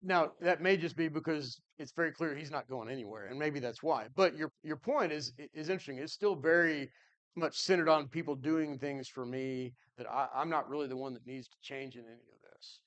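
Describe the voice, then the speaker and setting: A man's voice: fairly high pitch, a little fast, fairly bright tone. A man teaching a Bible class in an earnest, conversational way, thinking aloud and answering his class.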